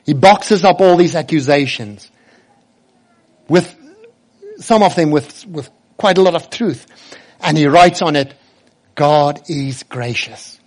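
A man preaching a sermon, emphatic, slowing and rising as he quotes scripture. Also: on the high side, a little mellow.

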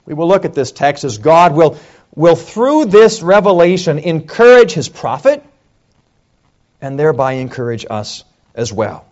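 A male pastor preaching an evening sermon, shifting between quiet, low passages and raised, emphatic lines. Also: big pitch swings, unhurried, highs cut off.

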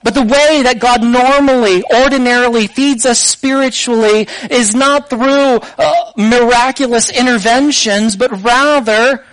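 A man's voice: extremely high pitch, fairly even intonation, a little slow, hardly any pauses, a bit bright, no room sound, rough recording. A man preaching a sermon in a conversational way, putting rhetorical questions to his listeners.

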